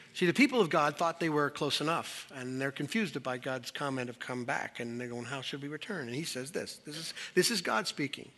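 Bright-voiced man preaching a sermon. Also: on the high side. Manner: emphatic, conversational preaching with rising intensity. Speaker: pastor. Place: church service.

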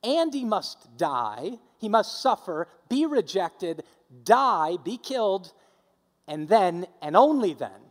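A male pastor delivers a sermon in a fairly high voice, hammering his points with repetition and calling on the congregation to answer back. His voice carries a long reverb from a church hall. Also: sing-song, slow. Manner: emphatic, repetitive preaching with audience call-and-response.

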